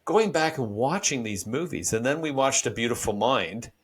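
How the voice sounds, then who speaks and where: A man's voice: mid-range voice, expressive, moderate pace, breathy edge. A man hosting a podcast interview, chatting casually and telling stories with rambling enthusiasm. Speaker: podcast host.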